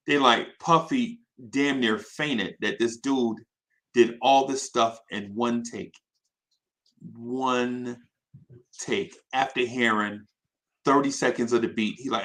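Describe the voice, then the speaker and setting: Bright-voiced man telling a story. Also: mid-range voice, slow, long pauses. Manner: energetic, restarts a lot, checks in with "right?". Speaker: host. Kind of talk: animated anecdote telling on a live show.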